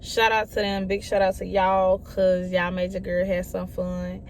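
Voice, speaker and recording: A woman's voice: mid-range voice, completely flat delivery, unhurried, a little hiss or hum. A young woman telling a personal story in a casual, chatty way, often repeating herself and talking straight to her listeners. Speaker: storyteller vlogger.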